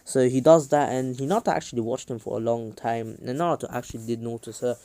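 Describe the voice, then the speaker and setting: A man's voice: mid-range voice, steady tone, quick pace, dark tone, no echo. A young man casually retelling a fan story, rambling with lots of fillers and restarts.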